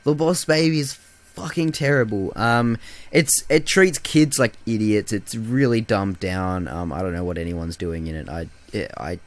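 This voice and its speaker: A young man co-hosting a podcast, chatting casually about bad films, swearing freely, filling pauses with ums and mocking quotes in silly voices. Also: on the low side. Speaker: podcast co-host. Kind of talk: casual film review chat.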